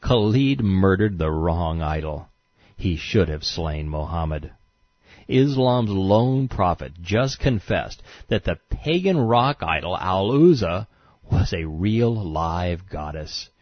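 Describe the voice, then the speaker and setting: A man's voice: sits low, lively intonation, slow pace, no room sound. A man giving scornful, sarcastic scripted narration as a documentary narrator, in a dull, dry recording.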